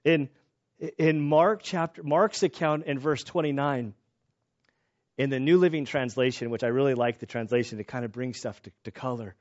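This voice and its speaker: A male pastor delivers his sermon in an easygoing, lively way, often breaking off and restarting his sentences. He jokes about himself, and his voice sits at an ordinary middle pitch. The recording sounds slightly dull and lo-fi. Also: normal speed. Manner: casual, animated, self-deprecating jokes, many restarts.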